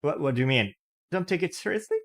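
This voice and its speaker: A man's voice: on the low side, lively intonation, moderate pace. A man reading a novel aloud, voicing a touchy old drunk who bristles and snaps back. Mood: snapping. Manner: blustering, offended.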